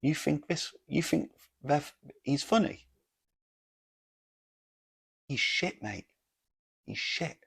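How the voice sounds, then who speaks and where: A man's voice: lowish voice, lively intonation, normal speed, gravelly, slightly rough, exaggerated voice. A man voicing his drunk, rude friend who heckles comedians, sneering and groaning as he swears.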